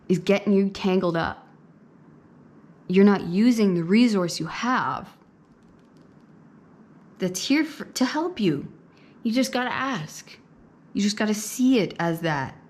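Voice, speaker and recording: A woman giving a pick-a-card tarot reading, talking straight to her viewers in a conversational way. She often repeats herself, checks in with "okay?" and "right?", and laughs softly now and then. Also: mid-range voice. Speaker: tarot reader.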